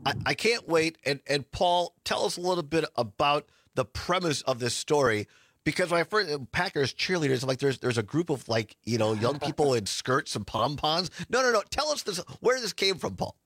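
Lively bright-voiced male host. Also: on the high side, normal speed, no echo. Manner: enthusiastic, chatty. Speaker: radio host. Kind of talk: casual interview.

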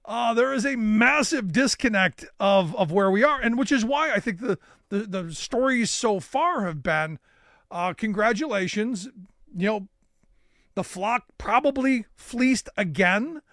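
A man hosting a political talk radio show, delivering sarcastic, animated commentary with many filler "uh"s into a studio microphone. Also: high-pitched, measured pace, no echo.

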